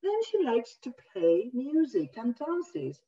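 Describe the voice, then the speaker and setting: A woman educator, not a native English speaker, reading picture books aloud in a workshop in an animated, expressive way. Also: on the high side, takes it slowly, breathy edge. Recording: distant, dull lo-fi.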